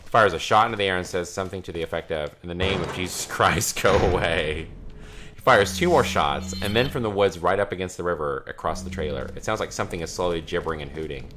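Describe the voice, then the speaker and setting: A man's voice: low voice, quick pace, music in the background. A man casually reading a creepy story aloud to friends during a game, swearing freely and laughing between lines. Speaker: let's play commentator.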